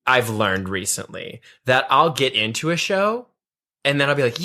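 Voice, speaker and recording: A man co-hosting a casual comedy podcast, telling stories in an animated, jokey way. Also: mid-range voice, a little fast. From United States. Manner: animated, jokey, quotes himself in bright voices. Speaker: podcast co-host.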